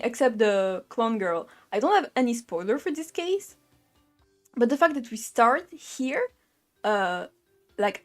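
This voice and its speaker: A young woman with a fairly high voice gives loose, giggly commentary over a game, reading dialogue aloud between her own asides. She swears casually and laughs between thoughts, while faint game music plays underneath. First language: French. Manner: giggly, swears freely, chatty and playful. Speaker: let's play streamer.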